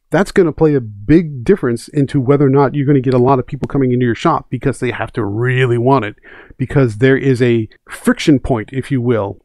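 A man hosting a comics commentary show, speaking in an emphatic, opinionated way and driving his points home by repeating them. His voice sits at an ordinary middle pitch for a man. The recording is dry and close, with no room echo. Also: darkish tone. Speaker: host of a comics commentary channel. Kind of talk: casual commentary.

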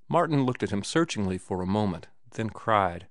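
A man narrating an audiobook in a measured, phrase-by-phrase reading. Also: lowish voice, animated, no echo, studio quality. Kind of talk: scripted narration.

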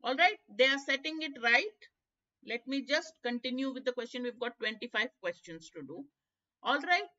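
A woman with an Indian English accent leads a live exam-prep lesson, dropping in Hindi asides as she works through each question. Her voice is bright and slightly high. The stream sound is dull and lo-fi. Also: lively intonation, moderate pace. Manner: explains step by step, code-switching into Hindi. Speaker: teacher.

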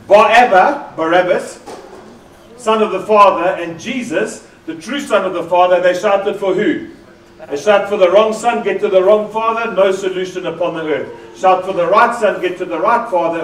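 High-voiced South African preacher. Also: male voice. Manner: lively, joking, draws in the congregation. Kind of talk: sermon. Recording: echoey hall from far off.

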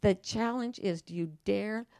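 A woman's voice: mid-range voice, a little slow, creaky, dark tone, no room sound, clean studio sound. A woman author talking as a guest in a casual onstage interview, emphatic and playful, often quoting herself in voices.

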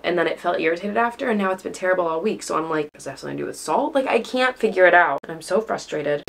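A young woman with a lowish, gravelly voice vlogs casually to the camera while crying and upset. She rambles, filling her speech with lots of fillers.

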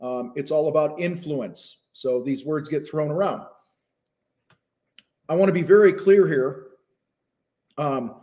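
A man's voice: on the high side, dark tone. A man hosting a live stream about selling, talking casually and loosely with many fillers and restarts, and eating as he talks at times. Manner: talks with his mouth full at times. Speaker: host of a live business show. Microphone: phone.

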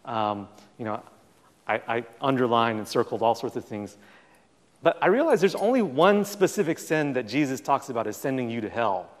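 Animated male speaker in a reverberant hall. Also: medium pitch, moderate pace. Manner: animated storytelling, acts out quoted dialogue. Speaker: guest speaker. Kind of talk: public talk with audience Q&A.

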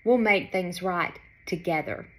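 A woman voicing a wise, gentle male forest animal in a storybook reading, soft and reassuring. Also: fairly low pitch, measured pace.

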